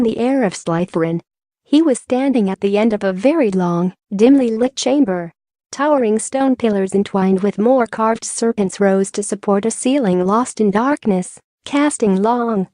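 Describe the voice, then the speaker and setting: A woman reads an audiobook in measured, even storytelling narration. Her voice sits fairly high. The recording is dry and close, with no room sound. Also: no echo. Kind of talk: scripted narration.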